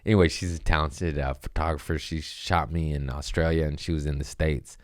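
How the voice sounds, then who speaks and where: A man's voice: very deep voice, steady tone, a little fast, no room sound, clean studio sound. A male comedian hosting a podcast, telling stories in a loose, profane, casual way and acting out the lines of the people in them. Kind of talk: casual storytelling monologue.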